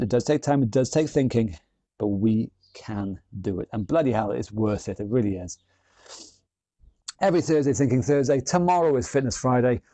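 A man's voice: medium pitch, mellow, no echo. A man leading an online workout class, counting down rounds and encouraging people in an upbeat way. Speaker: fitness instructor.

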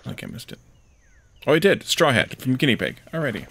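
A man's voice: mid-range voice, huge pitch swings, quick pace, gravelly, a bit bright, husky. Chatty man hosting a game stream. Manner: chatty, reads out viewer names and redemptions. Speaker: stream host. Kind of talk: casual game stream chat.

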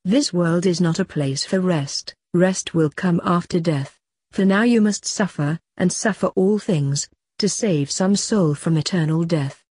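A gentle, patient guardian angel, read by a woman in an audiobook, speaking softly as he admonishes and consoles. The voice is low and mellow with a breathy softness, recorded close and dry. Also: a little slow, no echo.

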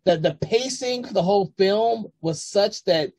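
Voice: mid-range voice, measured pace, a little mellow, dry recording. An interview host asking rambling, filler-heavy questions over a video call.

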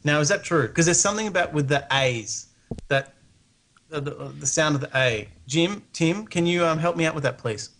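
A man's voice: a little high, animated, normal speed, a bit bright, a little hiss or hum. A man from Australia with an Australian accent, calling in to a casual chat and asking questions with many hesitant restarts. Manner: hesitant, restarts often, curious. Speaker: guest calling in.

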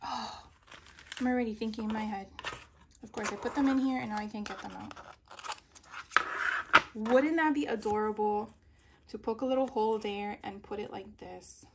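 A woman's voice: on the high side, very noisy. Giggly woman reading craft sticker captions. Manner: giggly, reads sticker captions aloud slowly. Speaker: papercraft vlogger. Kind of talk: casual craft haul show-and-tell.

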